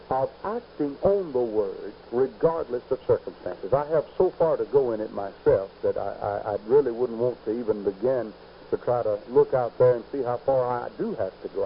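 A man preaching a sermon, emphatic and rising to loud peaks on key points. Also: medium pitch, vocal fry. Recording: dull lo-fi recording with faint hiss.

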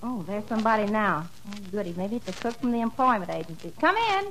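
A woman's voice: medium pitch, lively intonation, fast, background noise, lightly acted. A woman playing a giggly, naive young country woman with a folksy manner, in 1940s radio comedy style. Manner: folksy, wide-eyed, giggly.

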